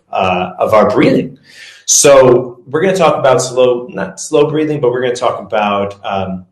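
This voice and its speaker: A man giving a casual presentation as a performance coach, talking loosely with self-corrections and leading breathing exercises. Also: lowish voice. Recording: echoey room.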